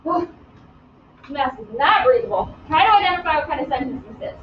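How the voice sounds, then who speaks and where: A woman teaching grammar in a live online class, lively and playful, calling on students by name. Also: high voice, brisk, noisy background. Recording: roomy, distant, dull sound.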